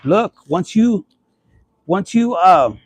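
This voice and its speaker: Foul-mouthed, high-voiced man reading tarot. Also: animated, takes it slowly, husky, dry recording. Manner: profane, blunt and chatty, mixing in Spanish phrases. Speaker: tarot reader. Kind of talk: casual tarot reading vlog.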